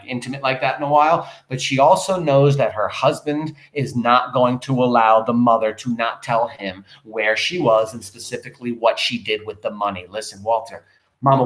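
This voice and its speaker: A male teacher reading a play aloud and breaking off into animated, emphatic explanations for his class. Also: mid-range voice, reverberant. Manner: animated, emphatic asides to students.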